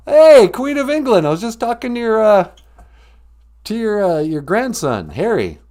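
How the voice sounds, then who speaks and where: A man's voice: on the high side, big pitch swings, moderate pace, a little mellow. A man hosting a comic call-in sketch, laid-back and chuckling. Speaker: comedy show host.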